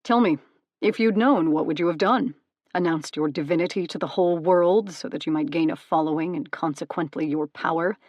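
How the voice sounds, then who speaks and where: A woman voicing a brooding male god of the dead who speaks in a measured, controlled way. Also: lowish voice, darkish tone, dry recording, muffled recording, close to an everyday voice. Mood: heated.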